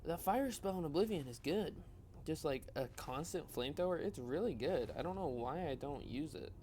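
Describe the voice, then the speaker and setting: A man's voice: on the high side, lively intonation, normal speed, darkish tone, a little hiss or hum. A man doing a casual, rambling voiceover over his own gameplay, chatting and poking fun at his own choices. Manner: rambling, self-mocking, chatty. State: yawning, tired. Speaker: gaming channel host.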